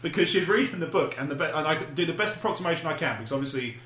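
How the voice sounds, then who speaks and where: A man's voice: on the high side, expressive, rapid-fire, a bit bright, echoey room. A man co-hosting a podcast, telling a casual story with frequent laughter and swearing. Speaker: podcast co-host. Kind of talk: casual chat.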